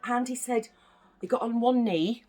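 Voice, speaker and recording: A woman's voice: a little high, a little slow, dark tone. A young woman from the UK reading a children's bedtime story aloud, with chatty, playful asides to the listening children. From United Kingdom.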